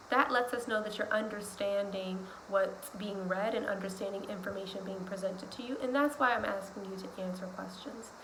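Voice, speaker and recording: A woman speech-language teacher giving patient, repeated instructions in a soft-spoken way, then reading a picture book aloud to children. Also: mid-range voice. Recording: roomy echo with faint background hiss.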